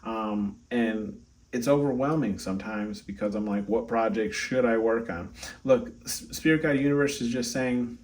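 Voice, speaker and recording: A man's voice: mid-range voice, normal speed, darkish tone, distant mic. A man giving a casual oracle card reading, chatty, peppering his talk with "right?" and "okay?". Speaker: tarot reader.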